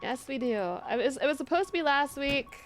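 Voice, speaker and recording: A woman's voice: sits high, expressive, a little fast, faint music behind. Jumpy young woman streaming a game. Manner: jumpy, swears, talks to chat. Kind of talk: live gameplay commentary.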